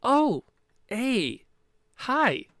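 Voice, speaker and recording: A woman's voice: fairly high pitch, very animated, extremely slow, fairly bright tone, no room sound, pitched above the performer's own voice, exaggerated voice. A game master putting on a jittery, evasive young woman. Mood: nervous cheer. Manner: chirpy, stammering, cover-story cheer.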